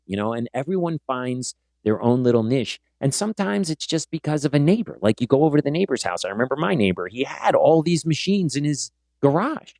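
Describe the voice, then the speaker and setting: A middle-aged man hosting a podcast interview, telling stories in a casual, animated way and acting out what people said. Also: mid-range voice, brisk, few pauses, dry recording, studio quality. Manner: animated storyteller, acts out quotes. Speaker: podcast host.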